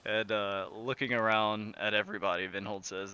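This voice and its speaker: A man narrating a tabletop game as game master, relaxed and full of fillers. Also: lowish voice, normal speed, hardly any pauses, clean tone.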